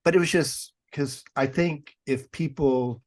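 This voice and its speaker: Slightly slow and mid-range, the voice belongs to a middle-aged man guesting on a podcast. As a paranormal investigator and author he tells casual, wry, sarcastic anecdotes and performs the dialogue in them.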